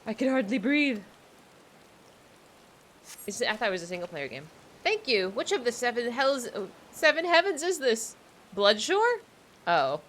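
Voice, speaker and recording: Young woman, casual stream chat, animated pitch, bright tone, faint noise behind. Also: normal speed. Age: young adult. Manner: chatty, rambling, self-deprecating. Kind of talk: casual livestream chat while playing.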